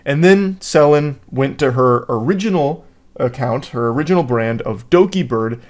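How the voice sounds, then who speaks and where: A man's voice: medium pitch, animated, normal speed, a little mellow. A man narrating a commentary video in a dry, sardonic way. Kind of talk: scripted commentary.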